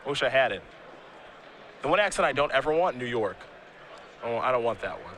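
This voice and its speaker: A man's voice: mid-range voice, very animated, a little fast, a bit bright, slight background noise. A man calling a card game tournament live as play-by-play commentator, with playful, teasing banter between plays.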